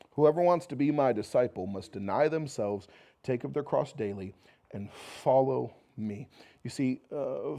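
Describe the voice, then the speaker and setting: Preaching to his congregation in a church sanctuary, a pastor with an American accent and a mid-range voice swings between loud, emphatic calls and quiet, intimate passages. He slips joking asides into the sermon as he goes.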